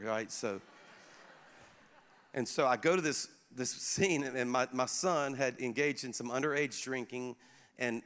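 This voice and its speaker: A middle-aged male pastor preaching a sermon in a conversational, animated way, speaking directly to his congregation. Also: mid-range voice. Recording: echoey hall.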